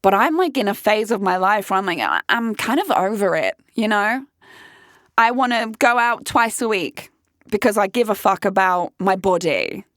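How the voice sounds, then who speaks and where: A woman's voice: medium pitch, expressive, moderate pace, a bit bright, no room sound, clean studio sound. A woman in her late thirties telling a dating story as a vlogger, blunt and swearing often. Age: 30s. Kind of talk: casual storytelling monologue.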